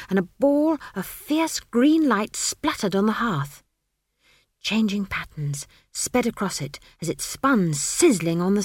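Expressive woman narrating a storybook. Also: medium pitch, breathy edge, no echo, studio quality. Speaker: audiobook narrator. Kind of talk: scripted narration.

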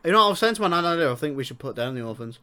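A young man hosting a podcast in casual chat, loud, swearing and laughing often. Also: a little high, sing-song, racing. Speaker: podcast host.

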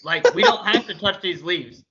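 A man's voice: sits high, huge pitch swings, moderate pace, bright, forceful tone, dull audio. A man co-hosting a casual podcast chat, joking and swearing with mock stubbornness. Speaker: podcast co-host.

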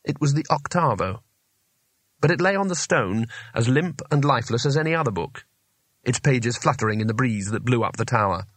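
A man narrating a comic fantasy audiobook in a measured, expressive storytelling manner. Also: mid-range voice, no echo. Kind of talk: scripted narration.

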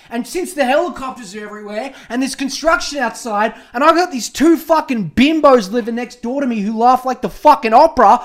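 A podcast host, ranting alone into the mic, sarcastic, swearing, and exasperated. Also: mid-range voice. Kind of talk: solo podcast rant.

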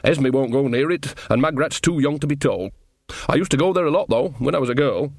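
A man's voice: medium pitch, animated, brisk, darkish tone, dry recording, clean studio sound. Old witch woman, earthy and bawdy, blunt rustic talk; male narrator voices her. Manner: blunt, cheeky, rustic grammar.

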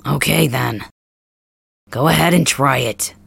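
A man playing a gravelly, gruff cat-boy. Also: mid-range voice, unhurried, a bit bright, slight background noise. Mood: gruff teasing. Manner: grumbling, teasing, blunt. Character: gruff teasing young male cat hybrid. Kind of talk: ASMR role-play.

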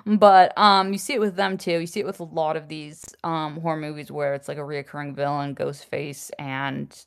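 A woman's voice: low-pitched, fairly even intonation, normal speed, vocal fry, smooth. A woman co-hosting a podcast in casual chat, laughing often and poking fun at herself. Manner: laughs often, chatty and self-deprecating. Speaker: podcast co-host.

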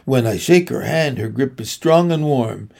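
A man reading a children's novel aloud in a steady, unhurried way. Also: medium pitch, creaky. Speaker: reader.

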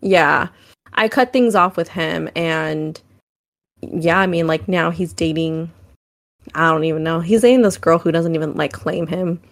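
Deep, creaky, and a little slow, a young adult woman's voice carries her casual podcast chat as a co-host. She tells frank personal stories, frequently saying "like" and "um."

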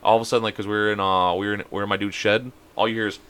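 A man telling a long, profane story in a casual podcast chat, rambling and animated. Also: lowish voice, racing, hardly any pauses, a little hiss or hum. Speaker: podcast co-host.

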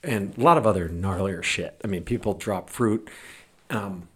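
This man's voice is low and a bit bright with a breathy edge, moving at normal speed. A podcaster who used to tend bar in Los Angeles, he mocks and rages through a casual, profane rant on current events.

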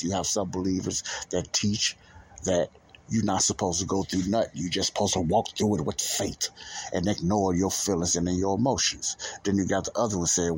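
A man's voice: deep voice, normal speed, slightly rough. A man hosting a Christian podcast, preaching in a casual, rambling way and often repeating himself. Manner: rambling, repeats himself, loses his thread. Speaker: podcast host.

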